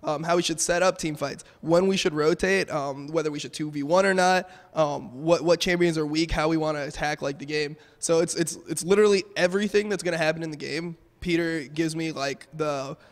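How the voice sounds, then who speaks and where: Fast-talking young man, reverberant venue. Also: fairly high pitch, steady tone. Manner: fast, casual, filler-heavy. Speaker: pro gamer. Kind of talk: post-match interview.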